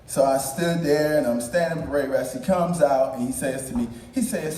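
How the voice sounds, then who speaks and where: A man telling a funny personal story on stage at a live event, halting and repeating words, self-mocking, recorded in an echoey hall from a distance. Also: medium pitch, dark tone. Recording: echoey hall, mic at a distance, faint noise.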